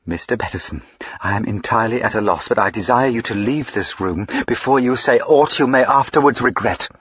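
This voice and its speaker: A man reading aloud, voicing a proud, indignant young Georgian lady in a raised, crisp, haughty voice. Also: medium pitch, a little fast, fairly bright tone, no echo, muffled recording. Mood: firm.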